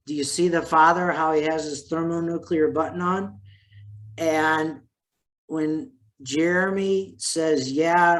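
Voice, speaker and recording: Unhurried man leading a therapy workshop. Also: a little high. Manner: earnest, explanatory, acts out quoted lines. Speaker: family therapist presenting a workshop. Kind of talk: virtual conference workshop talk.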